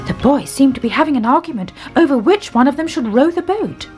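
Brief: woman narrator for a children's story, high and very lively, faint music behind. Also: brisk.

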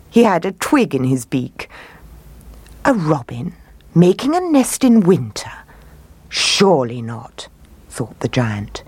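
A woman telling a children's story aloud in a gentle, expressive read-aloud manner. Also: extremely low pitch, gravelly, breathy edge, dry recording.

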